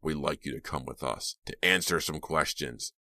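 A man voicing a grim police officer speaking in a low, determined voice, in an audiobook. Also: bright, forceful tone, no echo, exaggerated voice. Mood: stern. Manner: low, firm, measured.

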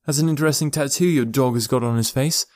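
A man's voice: medium pitch, fast, a little mellow, dry recording, studio quality, voice pushed up, natural voice. A man voicing a young woman in an audiobook, speaking in a mocking, taunting way. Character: young woman heroine, defiant and quick-tongued.

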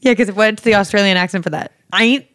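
A woman's voice: medium pitch, quick pace, no room sound, studio quality. A young American woman chatting playfully on a podcast, giggling often. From United States. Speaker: guest, host's wife. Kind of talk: casual chat.

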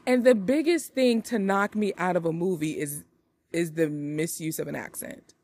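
A woman's voice: medium pitch, a little slow, pauses often, darkish tone. A woman hosting a movie review podcast, chatting casually and animatedly with playful wordplay. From United States. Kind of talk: casual chat.

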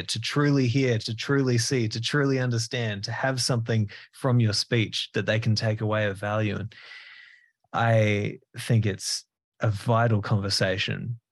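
A man hosting a podcast, speaking earnestly and effusively with frequent restarts as he reflects on the topic. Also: lowish voice. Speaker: podcast host. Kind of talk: conversational podcast discussion.

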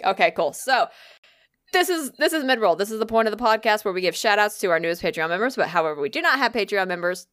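A woman hosting a podcast, telling stories in casual chat, swearing freely and jumping into high voices for quoted lines. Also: animated, fast, fairly bright tone, dry recording, clean studio sound. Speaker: podcast host.

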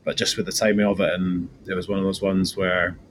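Very deep-voiced Scottish man. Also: little pitch movement, a little fast, noisy background. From Scotland. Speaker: guest rugby player. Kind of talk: casual interview.

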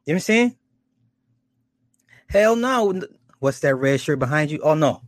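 A man hosting a casual commentary, animated and profane, often laughing at his own stories. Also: on the high side, quick pace, no room sound, studio quality.

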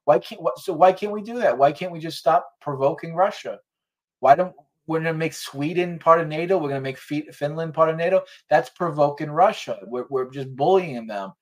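A man's voice: fairly high pitch, brisk. A man talking as a guest on a casual political chat, ranting heatedly with restarts and swearing.

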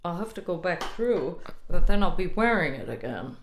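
A woman's voice: fairly low pitch, very animated, moderate pace, a little hiss or hum. Cheeky woman with headphones. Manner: cheeky, giggly, chats while eating and multitasking. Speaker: podcast co-host. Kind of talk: casual chat.

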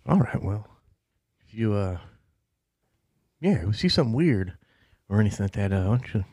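A man's voice: fairly low pitch, very animated, moderate pace, warm tone, breathy edge, dry recording, studio quality, exaggerated voice. A man doing a laid-back boozy young pastor. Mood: casual. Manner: casual, drawling, swears offhandedly. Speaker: small-town pastor.

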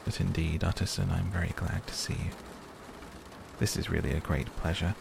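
A man's voice: low-pitched, normal speed, creaky, noisy background. A man voicing a despairing, reclusive male doctor who speaks drearily and hesitantly. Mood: dreary. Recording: steady rain sounds behind.

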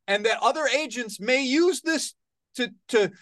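A man co-hosting a sports podcast, relaying other people's arguments in a lively way. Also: very high-pitched, a little slow, no echo. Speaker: podcast co-host. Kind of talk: casual sports podcast talk.

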